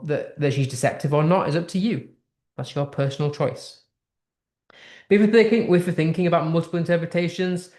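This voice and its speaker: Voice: mid-range voice, darkish tone. A tutor with a British accent explaining a text in a lesson, posing strings of rhetorical questions and thinking aloud with restarts. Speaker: English literature tutor. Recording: roomy echo.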